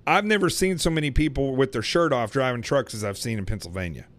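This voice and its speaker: A man from Arkansas hosts a talk show and banters with his caller. His voice sits at a middle pitch, and he jokes easily while leaning on fillers. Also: animated, fast. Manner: joking, friendly, lots of fillers. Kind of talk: casual chat with a caller.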